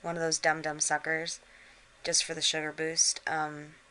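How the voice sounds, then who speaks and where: A woman's voice: low-pitched, monotone, measured pace, sharp tone, rough recording. A middle-aged woman chatting casually to a handheld camera from her bed, worn out and unwell, talking in a drained, weary way. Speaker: vlogger. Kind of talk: casual vlog chat. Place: bedroom, in bed.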